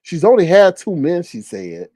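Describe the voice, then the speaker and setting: Animated, incredulous man doing gossip commentary. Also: a little high, normal speed, no echo. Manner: animated, incredulous, swears freely. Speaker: commentary channel host.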